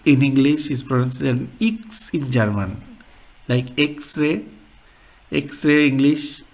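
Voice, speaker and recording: A man teaching a beginner language lesson, explaining sounds in a halting way and repeating words. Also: medium pitch, a little mellow.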